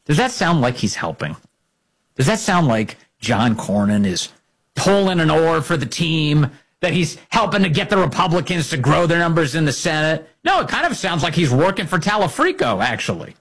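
Indignant, husky-voiced male political commentator. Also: fairly high pitch, big pitch swings, normal speed, a bit bright. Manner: sarcastic, indignant, mocks quotes with put-on voices.

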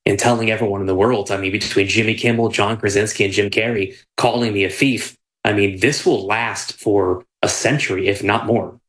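A man's voice: lowish voice, steady tone, brisk, hardly any pauses, a bit bright, rough recording. A man being interviewed as a guest on a talk show, speaking in an earnest, matter-of-fact way. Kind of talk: casual interview.

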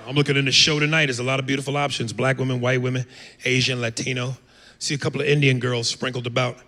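Loud bright-voiced standup guy, gravelly, big hall reverb. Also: mid-range voice, level tone, quick pace, slight background noise. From United States. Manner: brash, profane, acts out accents. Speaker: stand-up comedian. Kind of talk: stand-up comedy set.

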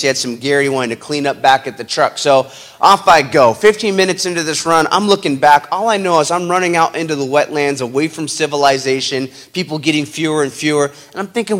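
A man recounts a personal story in the style of a motivational speaker. His voice sits a little high and has a bright, forceful edge. He tells it in an animated, dramatic way that keeps building the tension.

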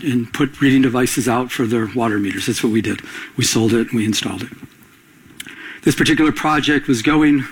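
A man's voice: medium pitch, slightly rough. A middle-aged man preaching a sermon, calling out questions to the congregation and building to emphatic points. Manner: call-and-response preaching, rising to emphatic climaxes. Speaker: pastor.

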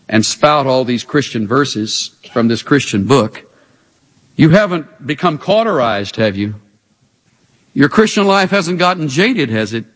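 A man delivers an energetic Bible sermon, his voice swinging widely up and down. The sound carries a long reverb, as if recorded in a large hall. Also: on the high side. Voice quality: animated, emphatic preaching with rhetorical questions. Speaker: pastor.

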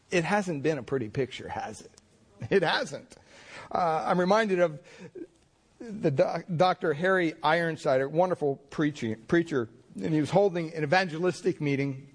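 A man's voice: fairly high pitch, expressive, moderate pace, breathy edge. A male pastor giving a conversational sermon, telling folksy stories with lots of fillers and restarts.

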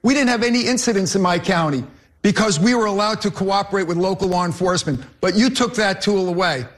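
A man's voice: high voice, fast. A man arguing as a candidate in a political debate, combative and repeatedly addressing his opponent. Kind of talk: debate argument.

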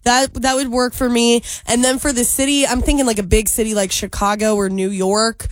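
A woman's voice: on the high side, flat delivery, fairly quick, dry recording. Playful female radio co-host. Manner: playful, emphatic. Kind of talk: casual on-air banter.

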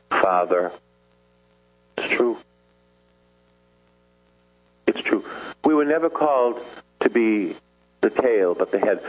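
Animated male preacher, lo-fi recording. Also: fairly low pitch. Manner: animated, mocking voices in asides. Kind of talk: sermon.

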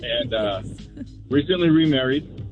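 A middle-aged man calling in, telling a story in halting, earnest speech with repeated words. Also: a little high, lively intonation, muffled recording, soft background music. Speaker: caller. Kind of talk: call-in storytelling.

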